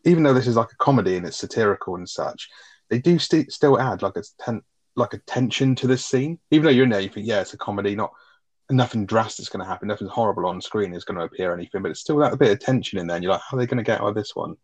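A laid-back man talks through a film on a podcast, laughing easily and swearing as he goes. His voice sits fairly low. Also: expressive, very fast. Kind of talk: casual film review chat.

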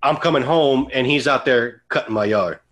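A man's voice: medium pitch, moderate pace. A man co-hosting a podcast, telling a personal story in casual chat and acting out the lines of the people in it. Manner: animated storyteller who acts out quoted dialogue. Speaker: podcast co-host.

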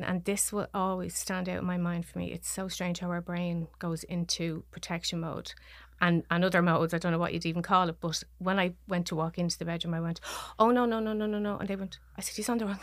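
A podcast guest, a woman with a Dublin Irish accent, tells her story in a low, gravelly voice. She stops and restarts her sentences and acts out what others said. The sound is dry and close. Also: little pitch movement, no echo. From Ireland. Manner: halting, restarting sentences, voicing others' words. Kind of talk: personal story told in conversation.

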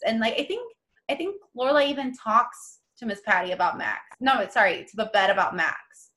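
Young woman podcast co-host, slightly high voice, chatty and animated. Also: moderate pace. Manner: chatty, animated, acts out quotes with many "like"s. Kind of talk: casual chat about a TV show.

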